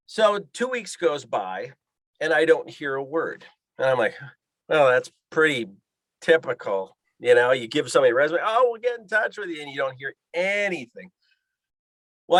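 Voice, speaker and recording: This podcast guest, who works as a pilot and fishing guide, tells an animated story and performs the voices in the dialogue he recounts. His pitch is fairly high and a bit bright, with no echo on the recording.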